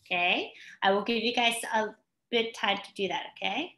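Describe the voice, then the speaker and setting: A woman teacher leading an online English class, sounding out vowel sounds slowly and patiently. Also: medium pitch, sharp tone, reverberant. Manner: slow, drawn-out sounding out of vowels.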